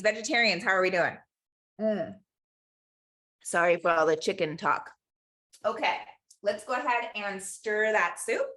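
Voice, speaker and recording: A Los Angeles woman leads a virtual cooking lesson in a mid-range, slightly bright voice. Telling stories as she works, she mixes Spanish words into her chatty talk, and the recording has a noticeable echo.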